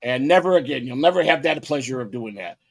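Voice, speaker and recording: A man's voice: medium pitch, lively intonation, fast talker, crowd noise. A man in his fifties, a podcast co-host, telling rambling, profane stories in casual chat with lots of restarts.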